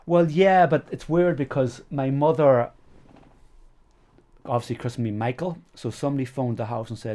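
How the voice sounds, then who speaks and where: A middle-aged man from Northern Ireland, speaking with a warm, steady, medium-pitched voice at a moderate pace, is a guest in a casual interview. He tells rambling stories packed with "you know" fillers.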